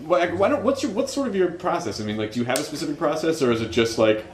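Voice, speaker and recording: A man's voice: a little high, very animated, fast talker. A man hosting a comedy podcast in casual chat, who asks rambling, stammering questions. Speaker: podcast host. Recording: roomy with faint noise.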